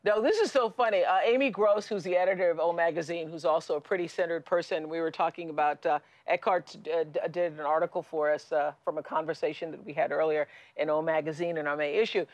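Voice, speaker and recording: A middle-aged woman hosting a studio talk show, telling stories in a lively way with frequent restarts. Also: sits low, quick pace, hardly any pauses, no echo. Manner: lively and storytelling, with many restarts and laughs. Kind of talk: studio conversation with a guest. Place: television studio.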